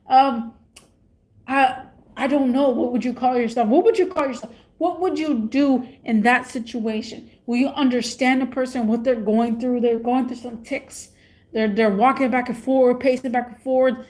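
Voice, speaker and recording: A woman's voice: sits high, a little mellow. A woman vlogger rambling in a casual rant, repeating her questions.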